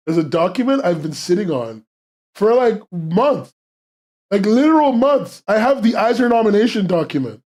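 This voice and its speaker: A male podcast host chatting on a live stream in a slightly high voice. He rambles, curses freely and gets worked up quickly while answering his chat. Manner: excitable, profane and rambling, reacting to chat. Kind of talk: casual livestream chat.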